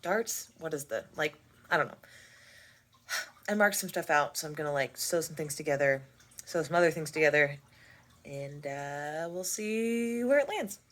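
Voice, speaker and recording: A woman's voice: low-pitched, animated, normal speed, long pauses, fairly bright tone, poor audio. A young woman casually narrating a sewing vlog in a chatty, self-deprecating way. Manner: chatty, self-deprecating, coos at her dog. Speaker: crafting vlogger.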